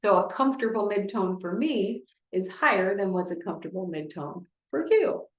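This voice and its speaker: A woman's voice: medium pitch, animated, normal speed, reverberant, poor audio. Encouraging woman speech therapist coaching a class. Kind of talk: leading voice exercises in a class.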